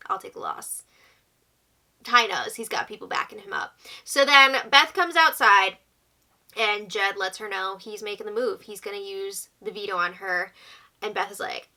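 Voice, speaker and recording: Bright, chatty young woman recapping. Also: on the high side. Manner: chatty, exclaiming, quoting houseguests. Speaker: recap host. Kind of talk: casual reality-show recap.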